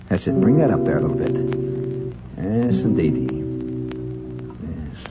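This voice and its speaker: A man with a low voice hosts a late-night radio monologue, reciting verse with a wry touch and wandering off into stories full of comic asides and funny voices. He's very animated yet unhurried, leaving long pauses. It sounds like a lo-fi 1970s radio broadcast with guitar playing behind him.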